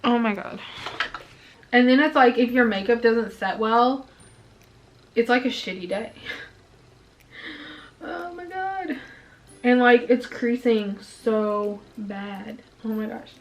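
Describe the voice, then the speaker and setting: A woman's voice: a little high, fairly even intonation, unhurried, low-quality recording. A young woman filming a casual makeup review at home, chatting and venting her frustration, a bit out of breath. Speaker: beauty vlogger. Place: indoors at home, filming herself.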